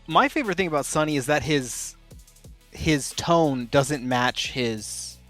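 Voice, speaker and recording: A man's voice: on the high side, expressive, unhurried, fairly bright tone, soft background music. A man hosting a podcast, chatting casually, rambling and correcting himself as he goes. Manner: rambling, self-correcting, laughs often. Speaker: podcast host. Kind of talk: casual chat.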